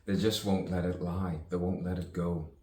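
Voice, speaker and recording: Deep-voiced man musing sardonically. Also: little pitch movement, normal speed, dark tone. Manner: musing, sardonic, asks himself questions, laughs at himself. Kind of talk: rambling self-recorded monologue. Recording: echoey room, distant mic, faint background noise.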